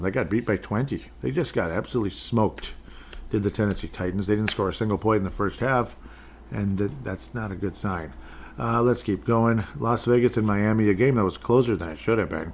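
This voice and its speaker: Low-voiced man riffing on football scores. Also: brisk, slightly rough. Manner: rambling, jokey, sarcastic asides. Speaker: podcast host. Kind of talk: casual sports commentary.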